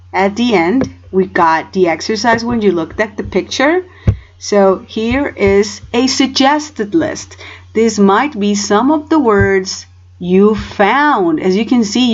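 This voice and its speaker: A woman's voice: medium pitch, lo-fi sound. A woman teaching English in a recorded home lesson. She explains step by step and often checks in with "okay?".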